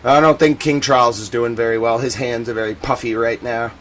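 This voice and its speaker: A chatty American man rambles through his live-stream commentary in a voice of ordinary pitch. His talk is loose and full of slang, and now and then it flares into loud indignation. A faint hum sits behind him. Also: fairly even intonation, fairly quick. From United States.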